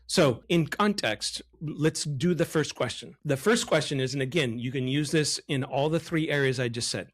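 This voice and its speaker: A man hosting a podcast on his own, giving business advice and shifting his voice higher and lower for emphasis. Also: moderate pace, hardly any pauses. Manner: animated, varies pitch and loudness for emphasis. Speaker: podcast host, loan officer. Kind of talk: solo podcast advice talk.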